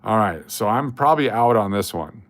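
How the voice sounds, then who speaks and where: A man's voice: fairly low pitch, expressive, moderate pace, no echo. A man hosting a casual live stream, rambling along and breaking into sudden exasperated rants.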